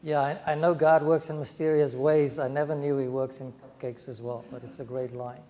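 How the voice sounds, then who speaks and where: A man speaking as a pastor to his congregation, gentle and measured. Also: medium pitch, little pitch movement. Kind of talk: sermon. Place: church. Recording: echoey church hall.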